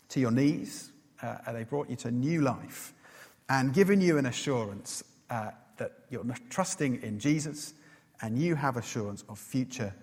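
A man preaching in a large church hall, his slightly husky voice trailing off into a long reverb. He delivers his sermon earnestly, puts questions to the congregation and hesitates often with "uh". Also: mid-range voice. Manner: earnest, asks the listeners questions, many "uh" fillers.

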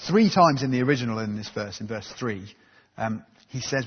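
Male preacher, husky mid-pitched voice, earnest conversational sermon, dull recording in a reverberant hall. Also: expressive, normal speed. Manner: earnest, conversational, frequent ums and uhs.

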